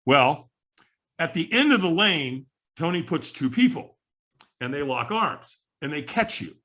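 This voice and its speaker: A man telling his life story as a podcast guest, animated and acting out the voices of the people in it. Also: a little high, unhurried. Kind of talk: storytelling in casual interview.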